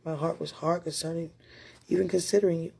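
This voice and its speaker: A woman's voice: fairly low pitch, fairly even intonation, quick pace, creaky, dark tone, husky. A woman giving an emotional personal testimony, talking straight to her partner in a heartfelt, rambling way with prayerful asides.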